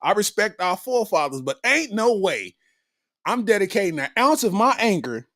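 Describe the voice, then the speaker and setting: Laughing man ranting with lively pitch. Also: normal speed, no echo, studio quality. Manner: loud laughing, slangy, freestyles a rap at the end. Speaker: podcast host. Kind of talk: comedic rant.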